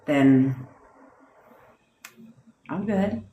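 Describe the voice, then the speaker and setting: Woman, low voice, lively swooping pitch, profane, rambling, laughs a lot, echoey room. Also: extremely slow, lo-fi sound. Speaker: manifestation coach. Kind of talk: casual livestream chat answering comments.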